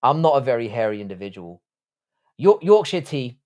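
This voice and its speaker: A man's voice: medium pitch, big pitch swings, moderate pace, a little mellow. A man hosting a live stream, casually reading out chat and trading profane mock insults with viewers. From England.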